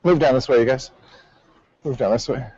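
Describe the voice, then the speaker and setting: A man teaching a martial arts class, calling out drills with sharp commands and counts. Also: medium pitch, moderate pace, dull audio. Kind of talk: class instruction.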